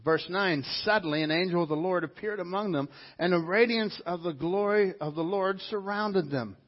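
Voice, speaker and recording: Man, pastor, sermon, conversational, emphatic, repeats himself, slightly high voice, muffled lo-fi audio. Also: moderate pace. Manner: conversational and emphatic, with frequent restarts.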